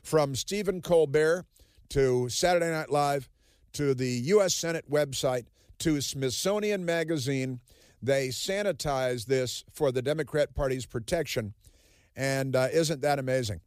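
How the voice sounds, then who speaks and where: A man's voice: mid-range voice, measured pace, clear, resonant tone, no echo, clean studio sound. A man hosting a political talk radio show, sarcastic and combative. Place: radio studio. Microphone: studio microphone.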